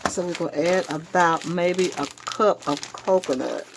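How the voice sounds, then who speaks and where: A chatty Southern woman walks viewers through a recipe in her own kitchen, her voice sitting on the low side. Clear kitchen noise of handling and rustling runs behind her. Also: normal speed. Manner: chatty, addresses viewers as y'all. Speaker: home cooking show host. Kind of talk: casual cooking demonstration. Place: home kitchen.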